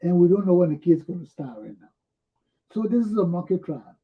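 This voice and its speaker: A man hosting a talk show, giving animated political commentary full of rhetorical questions and mimicked voices. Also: sits high, brisk, phone-quality sound. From Liberia.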